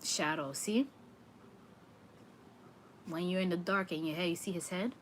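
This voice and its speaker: Low-voiced earnest woman reading tarot. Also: unhurried, noisy background. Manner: earnest, repeating phrases for emphasis. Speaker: tarot reader.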